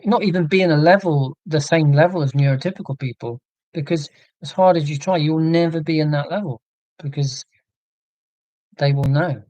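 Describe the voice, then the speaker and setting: A man talks through his thoughts on a livestream in an earnest, rambling way, often restarting his sentences. His voice is mellow and relaxed, recorded dry and close with no room sound, and he reads out and answers viewer comments as he goes. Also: on the high side, no room sound, low-quality recording. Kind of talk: casual livestream chat.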